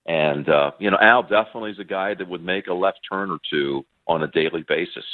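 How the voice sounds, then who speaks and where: A man guest on a sports interview, telling warm anecdotes with plenty of fillers and restarts. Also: deep voice, brisk. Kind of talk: phone interview, reminiscing. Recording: tinny phone line.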